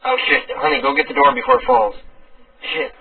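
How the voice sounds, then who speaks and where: A man's voice: very high voice, sing-song, fairly quick, gravelly, full character voice. Man playing a cursing old lady. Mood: flustered. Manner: panicky and profane. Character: flustered little old lady on the phone, cursing. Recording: tinny phone-like sound, distant.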